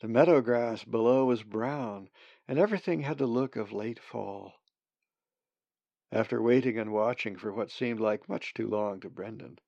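A man narrating a storybook in a measured, deliberate reading. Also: lowish voice, gravelly, darkish tone, no echo. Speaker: audiobook narrator. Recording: dull, slightly muffled sound.

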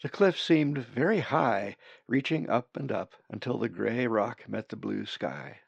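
A man reading his own book aloud as audiobook narration, measured and unhurried. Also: mid-range voice, expressive, creaky, slightly rough, dry recording, muffled recording.

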